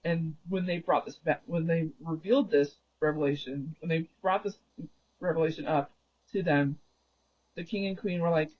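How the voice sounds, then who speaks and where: On a dull, lo-fi recording, a man with a voice on the high side speaks at normal speed with fairly even intonation, pausing often. He's a gaming livestreamer casually retelling a story while he plays, rambling and frequently correcting himself mid-sentence.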